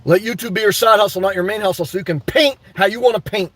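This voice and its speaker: A man hosting a live stream, ranting emphatically about his life and shouting out his supporters, worked up and sweating. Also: high-pitched, quick pace, dry recording. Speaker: livestream host.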